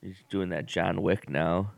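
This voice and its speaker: A man's voice: low voice, fairly even intonation, measured pace, gravelly, no echo. A man co-hosting a podcast in casual chat, rambling with many fillers and restarts. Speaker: podcast co-host.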